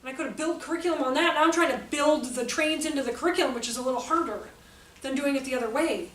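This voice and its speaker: High-voiced joking woman in an echoey room. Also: fast. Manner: chatty, joking, self-mocking, lively storytelling. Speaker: workshop presenter for teachers. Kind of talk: informal teaching talk. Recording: echoey room from far off, faint background noise.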